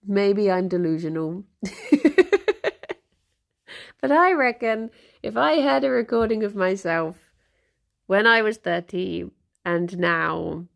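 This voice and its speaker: Woman, thirties, relaxed streamer, slow rambling chat. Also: fairly low pitch, creaky. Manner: rambling, chatty, talks to her pets. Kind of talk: casual chat. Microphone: desk microphone.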